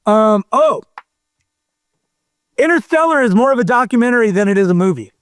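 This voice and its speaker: Male guest, high pitch, animated rambling storyteller, dry mic. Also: moderate pace, smooth, no room sound. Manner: rambling, animated storyteller who acts out quotes. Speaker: podcast guest. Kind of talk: casual storytelling chat.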